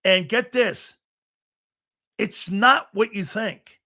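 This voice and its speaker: A man's voice: extremely high pitch, unhurried, bright, forceful tone. A man hosting a sports talk radio show, ranting bluntly and combatively at callers and swearing freely.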